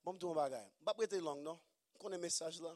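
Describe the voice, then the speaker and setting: A man with a Haitian accent preaching a sermon, moving between calm storytelling and shouted emphasis. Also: on the high side, fast talker.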